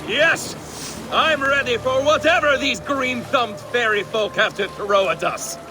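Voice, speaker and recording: A brash, boastful Viking warrior speaks in a very high voice. Clear background noise runs under his lines. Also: unhurried. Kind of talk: video game voice acting.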